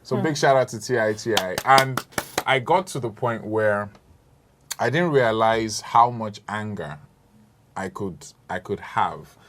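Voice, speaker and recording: Halting married man on a talk panel. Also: lowish voice, fairly bright tone, slight background noise. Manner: halting, repeats words, jokes and laughs. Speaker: married guest on a talk show. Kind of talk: candid casual panel chat.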